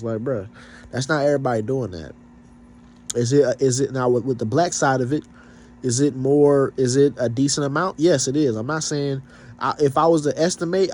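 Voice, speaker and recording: Vlogger, man, mid-pitched, slightly stuffy nose, swears freely and hits his points hard. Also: darkish tone. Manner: profane, blunt, emphatic. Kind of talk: casual rant to camera.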